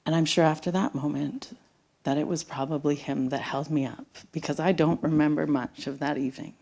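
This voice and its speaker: A middle-aged woman telling a personal story live on stage to an audience, dramatic and swinging from loud bursts to hushed whispers. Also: low voice, fairly even intonation, a little fast, gravelly. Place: theater stage before an audience.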